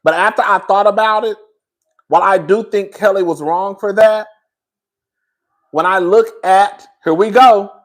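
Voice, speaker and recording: Man, high-pitched voice, sassy, blunt, casual reality TV commentary. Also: measured pace, long pauses. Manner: sassy, animated, addresses viewers as girl and baby; blunt, swears freely. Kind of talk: casual opinionated review.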